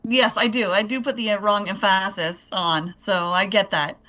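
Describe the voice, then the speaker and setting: A woman's voice: medium pitch, fairly even intonation, normal speed, bright, forceful tone, lo-fi sound. A woman from Canada with a Canadian accent, chatting in an easygoing way on a casual show. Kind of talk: casual chat.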